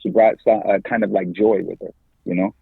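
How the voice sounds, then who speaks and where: A man in his forties, a podcast guest and campus minister, talking in a lively, slangy way and laughing often. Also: sits low, a little fast, creaky, breathy edge, no echo. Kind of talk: casual interview talk. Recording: tinny phone-like line, dry.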